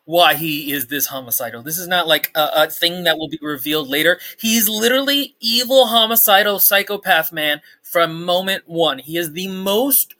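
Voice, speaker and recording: Casual book chat, emphatic, incredulous, bright tone. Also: mid-range voice, moderate pace, few pauses.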